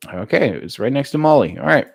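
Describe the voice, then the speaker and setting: An American man casually chatting with his live-stream viewers, relaxed and laughing easily, with plenty of filler words. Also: medium pitch, fairly quick, gravelly, husky, dry recording, clean studio sound. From United States. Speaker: streamer reading live chat.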